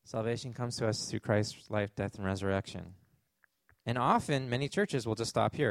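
A man's voice: fairly low pitch, normal speed, vocal fry, no room sound. A man with a Canadian accent preaching a sermon as pastor, conversational, with asides and fillers.

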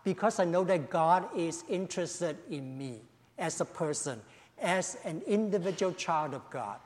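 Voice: medium pitch, lively intonation, measured pace, darkish tone. A pastor leading an opening prayer and then preaching a sermon, speaking emphatically, repeating key phrases and often saying "you know". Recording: long reverb of a large hall.

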